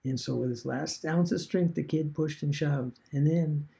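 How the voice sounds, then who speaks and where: Guy vlogging a story, gravelly dark voice, lots of uhs and restarts. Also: on the high side, steady tone. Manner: rambling, halting with fillers and restarts. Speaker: online business vlogger. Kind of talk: casual retold story.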